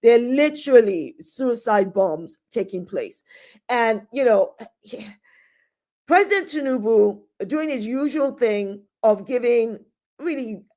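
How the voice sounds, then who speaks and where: A woman's voice: fairly high pitch, expressive, slow pace, dark tone. A middle-aged woman hosting a live stream, chatting casually and greeting viewers by name with frequent laughs. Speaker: host of a live talk stream.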